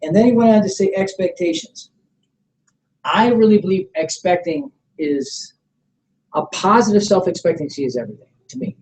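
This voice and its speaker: A middle-aged man leading a motivational sales training seminar. He coaches with energy, keeps checking that the room is following, and acts out sample pitches. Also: animated, normal speed, a little mellow, slight background noise, low-quality recording. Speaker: network marketing trainer.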